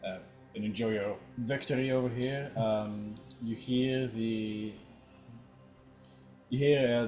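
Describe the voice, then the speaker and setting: A man narrating a tabletop game as game master, halting with many fillers. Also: medium pitch, darkish tone. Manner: hesitant, heavy on fillers.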